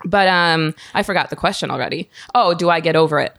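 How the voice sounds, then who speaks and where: Laid-back woman with a low voice. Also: quick pace, a bit bright. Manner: laid-back, laughs often, slangy. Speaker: guest. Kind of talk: casual podcast chat.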